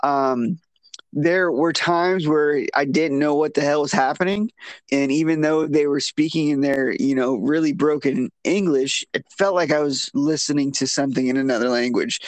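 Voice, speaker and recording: A man co-hosting a casual film review podcast, rambling and restarting his sentences, turning animated when he is incredulous. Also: fairly high pitch, moderate pace, no echo. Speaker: podcast co-host.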